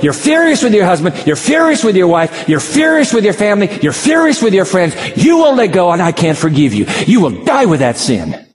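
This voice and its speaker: A man's voice: sits high, in a large hall. A man preaching a sermon, acting out dialogue with dramatic shifts in his voice. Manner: dramatic, acts out voices of God and Peter. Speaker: pastor.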